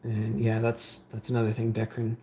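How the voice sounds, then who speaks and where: A man's voice: lowish voice, monotone, normal speed, warm tone, slight background noise. A man hosting a live stream from his workbench, reading viewer comments aloud and answering them in a rambling way with lots of fillers. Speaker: streamer building game consoles. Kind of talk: casual live-stream chat.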